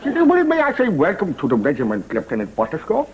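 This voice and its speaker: A man doing a pompous commanding officer with a plummy drawl, tacking fussy "eh? what?" onto his lines. The voice climbs high and lively, with noise behind it. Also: fast, poor audio.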